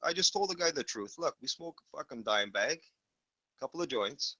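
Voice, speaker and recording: A man's voice: medium pitch, lively intonation, moderate pace, sharp tone, no echo, lo-fi sound. A man telling a story in casual, blunt chat, swearing freely.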